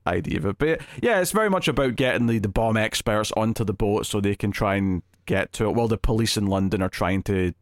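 A man's voice: fairly low pitch, fast, few pauses, dry recording. Guy hosting a movie podcast, chatty, laughs a lot, voice jumps around, dead dry room. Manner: chatty, animated, laughs often. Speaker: podcast host. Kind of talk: casual movie podcast chat.

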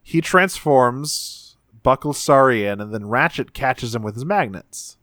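A man with a medium-pitched, expressive, fairly bright voice co-hosts a podcast, recorded clean in a studio with no echo. In a casual, rambling, profane chat he recaps a cartoon episode, retelling scenes and acting out the characters' lines in quick voices.

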